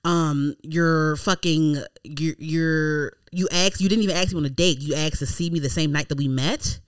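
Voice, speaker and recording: A woman, hosting a podcast and telling a story in casual chat, animated and exasperated. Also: low-pitched, moderate pace, clear, resonant tone, no echo. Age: 30s. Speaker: podcast host.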